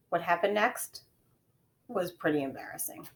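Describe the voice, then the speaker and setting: A woman's voice: on the low side, normal speed. Woman reading a children's chapter book aloud. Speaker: reader.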